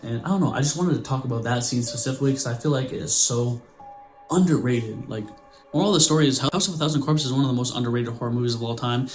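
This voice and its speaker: Twenties guy hosting a horror vlog: amped-up, foul-mouthed chatter at an average pitch over quiet background music. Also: quick pace. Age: 20s. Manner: excitable, swears freely, lots of "like". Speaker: horror channel host. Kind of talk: casual movie review vlog.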